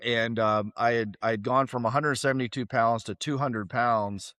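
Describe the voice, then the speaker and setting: Middle-aged man, podcast guest, lively storyteller who voices the people he quotes, mid-pitched, dry mic. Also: normal speed, dry recording. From South Carolina, USA. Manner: animated, acts out quoted voices. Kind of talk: casual storytelling.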